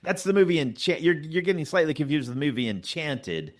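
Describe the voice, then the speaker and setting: A man hosting a casual roundtable chat as dungeon master, animated and chatty with filler words, on a remote call microphone. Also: on the high side, a little fast.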